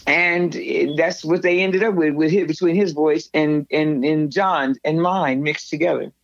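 A woman guest telling stories in a casual interview, lively and acting out what others said. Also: low voice, measured pace, no echo. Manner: animated storyteller, acts out others' lines. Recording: dull lo-fi recording.

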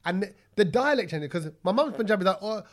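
A man chatting casually on a podcast, telling stories animatedly and slipping into quick impressions. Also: high voice. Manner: animated storyteller, breaks into mimicry. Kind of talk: casual chat.

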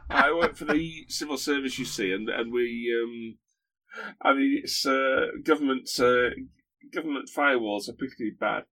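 Guest-hosting a podcast, this man chats casually with dry humour, hesitating often and using plenty of fillers. His mid-range voice sounds pushed and bright at a moderate pace.

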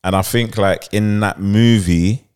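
A man's voice: fairly low pitch, steady tone, a little slow, a little mellow, clear, resonant tone. A man, co-hosting a podcast, casually retelling a plot with lots of fillers and laughter. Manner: rambling, many fillers, laughs while telling. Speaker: podcast co-host.

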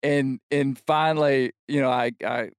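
A middle-aged man on a podcast telling a long funny story, animated and shouting out the lines he quotes. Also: medium pitch, unhurried, clear, resonant tone, no room sound, studio quality. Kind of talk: casual storytelling chat.

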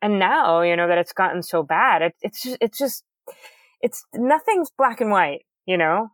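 A middle-aged woman guest in a casual interview, talking candidly with a loud, booming voice and careful enunciation. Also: expressive, moderate pace, dry recording.

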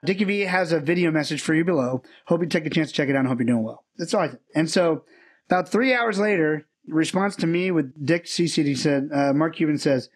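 A man telling stories as a guest on an interview show, acting out the people he quotes. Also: fairly high pitch. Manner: fast, animated storyteller who acts out quotes. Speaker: podcast guest. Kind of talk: casual storytelling interview.

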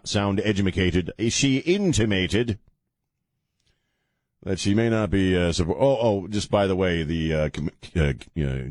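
A man's voice: deep voice, a little mellow, dry recording. A man hosting a talk radio show, ranting with heavy sarcasm into a studio microphone.

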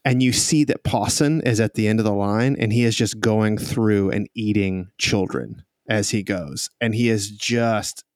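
A man's voice: on the low side, measured pace, hardly any pauses, no room sound. A man narrating as game master of a tabletop game, telling the scene in a rambling way and laughing often. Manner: laughing, rambling storytelling with restarts.

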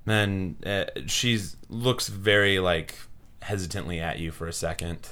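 Young male game master, low voice, slow, halting narration. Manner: relaxed, halting narration with many fillers.

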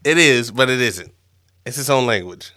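An easygoing man co-hosts a podcast, talking in a halting way with lots of fillers. His voice sits at an everyday middle pitch. The sound is close and dry. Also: lively intonation, bright, forceful tone, no room sound. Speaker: podcast co-host. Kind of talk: casual chat.

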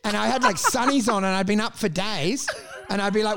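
A middle-aged man telling crude, animated stories in a casual chat, laughing as he goes. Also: sits high, a little fast, gravelly, slight background noise.

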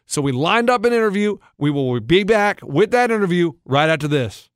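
A man's voice: high voice, lively intonation, clean tone, no room sound. Chatty male podcast host, dry sound. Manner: chatty, quick to laugh. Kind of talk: casual chat.

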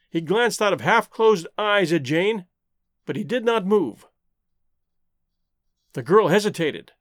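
A man narrating a classic adventure novel in an expressive, theatrical reading. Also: high-pitched, no echo, studio quality. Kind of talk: audiobook narration.

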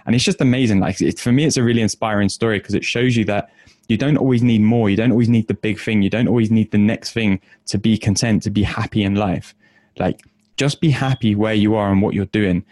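A man, an author and coach, telling stories and answering viewers in a casual livestream Q&A, chatty and quick, with lots of fillers. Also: lowish voice, fairly even intonation, darkish tone, no echo, studio quality.

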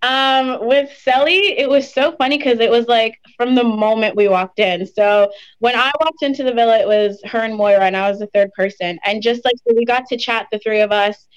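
A woman's voice: on the high side, brisk, few pauses, clean tone, muffled recording. Chatty young woman, lots of fillers. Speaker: interview guest, reality show contestant. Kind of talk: casual interview chat.

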